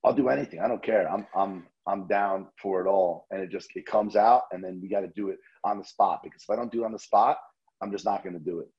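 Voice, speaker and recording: A man's voice: low voice, fast talker, breathy edge, dull audio. A man with a New Jersey accent, a restaurant owner chatting as a podcast guest, telling stories animatedly and swearing freely. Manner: animated storyteller, swears freely, repeats words. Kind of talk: casual interview chat.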